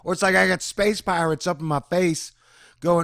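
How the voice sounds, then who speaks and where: Gravelly man rambling to camera. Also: high-pitched, normal speed, no echo, studio quality. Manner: rambling, animated, slips into mock voices. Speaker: vlogger. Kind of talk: rambling personal monologue.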